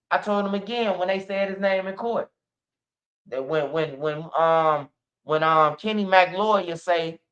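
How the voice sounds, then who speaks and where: A man's voice: a little high, fairly bright tone. Rambling, profane man. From Chicago. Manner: rambling, profane, repeats bro and man, laughs often. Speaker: livestream commentator. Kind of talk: casual livestream rant. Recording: muffled lo-fi stream audio.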